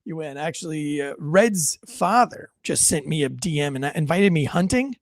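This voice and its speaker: Man, high voice, blunt, profane, ranting, dry close sound. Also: lively intonation, moderate pace, dry recording. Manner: blunt, profane, wisecracking, reads chat aloud. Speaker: livestream show host and military veteran. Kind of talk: unscripted ranting commentary.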